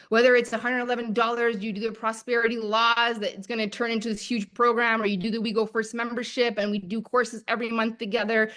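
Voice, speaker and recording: Woman, 30s, manifestation coach: emphatic, excited motivational delivery, mid-pitched. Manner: excited, emphatic, repeats phrases. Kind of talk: motivational masterclass talk.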